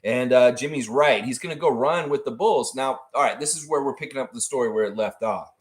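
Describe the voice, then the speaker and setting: A man hosting a casual livestream, rambling and animated as he tells a silly story. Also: medium pitch, a little fast. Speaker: livestream host.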